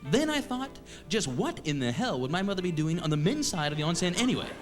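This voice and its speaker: A man from eastern Canada telling a comic story on stage, with a wry, deadpan, self-mocking delivery. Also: sits high, fast, faint music behind. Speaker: comedian storyteller. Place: stage at a live show.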